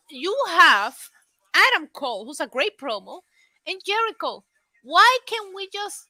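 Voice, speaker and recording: A woman's voice: high-pitched, sharp tone, no room sound, low-quality recording. A young woman hosting a live wrestling watch-along, reacting bluntly with profanity and laughter and reading out viewer messages. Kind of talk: casual live reaction commentary.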